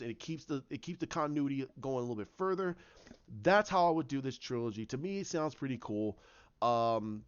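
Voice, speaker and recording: Guy rambling thru a story pitch, keeps restarting, kinda muffled lo-fi audio. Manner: rambling, with many restarts and acted-out quotes. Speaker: fan commentator. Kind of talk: casual storytelling monologue.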